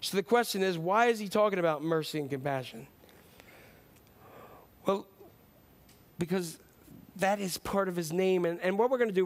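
A man preaching a sermon in a conversational, animated way, often acting out quotes in different voices. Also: high-pitched. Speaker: pastor.

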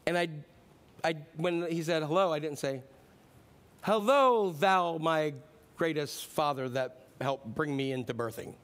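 A high-voiced middle-aged man delivers a sermon. He talks to the congregation in a conversational, personal way, then builds to emphatic, declarative peaks. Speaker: pastor.

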